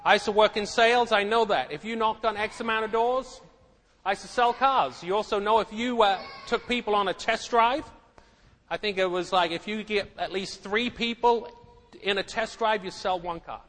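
A man's voice: high-pitched, normal speed, a bit bright. A middle-aged man preaching a sermon, emphatic and given to repeating words and asking the congregation questions. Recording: echoey hall.

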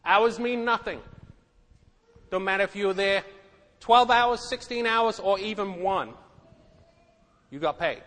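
A man's voice: high-pitched, measured pace, pauses often, fairly bright tone. A middle-aged man preaching a sermon, emphatic and given to repeating words and asking the congregation questions. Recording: echoey hall.

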